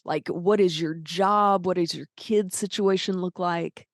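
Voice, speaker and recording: Southern-accented woman host, enthusiastic, lowish voice, dry close sound. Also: steady tone, a little slow, few pauses, dry recording. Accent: Southern American. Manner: gushing, enthusiastic. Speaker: podcast host. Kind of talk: casual interview chat.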